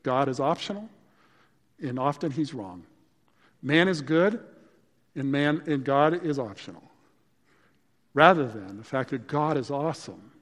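A man preaching a sermon as pastor, talking in a conversational way and breaking into emphatic, louder bursts. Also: mid-range voice, long reverb tail.

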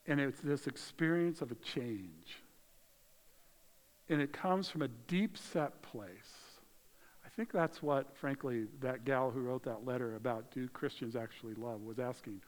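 Conversational preacher in a reverberant hall. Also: male voice, medium pitch, expressive, unhurried. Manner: conversational, swinging from loud to hushed. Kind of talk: sermon.

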